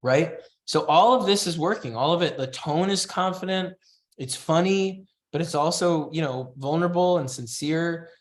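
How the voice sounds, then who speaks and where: A man's voice: on the high side, moderate pace. A man teaching a comics writing class, talking loosely and reading bits of a script aloud as he critiques it. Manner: loose, chatty, reads comic lines aloud in passing. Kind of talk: casual online class critique.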